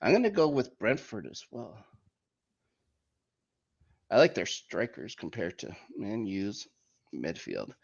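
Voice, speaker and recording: With a lowish voice, vocal fry, and frequent pauses, a man speaks slowly while hosting a casual football podcast. He's jokey and lively as he goes through the week's fixtures, and the recording is muffled lo-fi.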